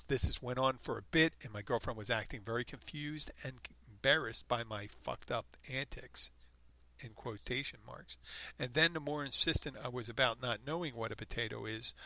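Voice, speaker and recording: A man hosts a solo podcast and reads a story aloud with animated, mocking quoted voices. His tone is bright and clear. The sound is close and dry, with no room echo. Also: mid-range voice. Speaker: podcast host.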